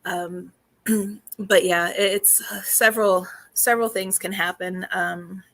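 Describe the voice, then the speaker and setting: A woman hosting a casual live stream, talking loosely with many fillers, greeting viewers, and a little hoarse as she loses her voice. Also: medium pitch, fairly even intonation, slow, a bit bright. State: slightly losing her voice. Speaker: host.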